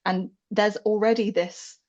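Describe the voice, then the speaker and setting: A woman's voice: medium pitch, fairly even intonation, unhurried, a little mellow, muffled recording. A woman dog behavior expert speaking candidly and with animation as a guest in a casual interview, swearing freely and often laughing.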